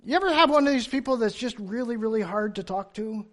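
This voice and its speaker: An older man preaching a sermon in church, telling humorous stories with sudden loud emphasis. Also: very high voice, fast talker.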